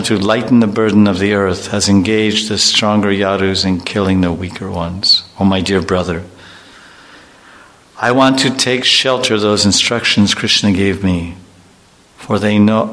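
A man's voice: fairly low pitch, fairly bright tone. A man voicing Arjun, a grieving warrior prince. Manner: earnest, mournful recitation. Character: grieving male warrior prince mourning his friend. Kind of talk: devotional storytelling.

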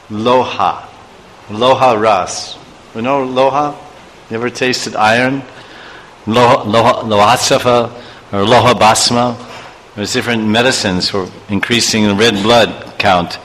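A man's voice: medium pitch, a bit bright, long reverb tail, slight background noise, low-quality recording. A man teaching a sermon through a story, with chuckling asides and chanted verses. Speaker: spiritual teacher.

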